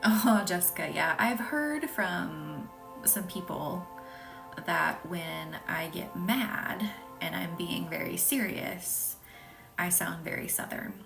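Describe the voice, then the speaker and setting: A woman with a Midwestern accent, hosting a live reiki session, chatting and reading out viewer comments, sometimes dropping into a soft whisper. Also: on the low side, lively intonation, slow, vocal fry. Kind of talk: live-stream chat with viewers. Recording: distant mic with faint music behind.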